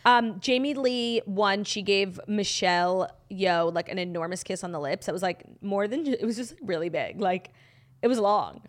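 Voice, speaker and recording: A woman's voice: mid-range voice, normal speed. A woman co-hosting a podcast, giving opinionated and sarcastic takes in casual pop culture chat, with casual swearing. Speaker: podcast co-host.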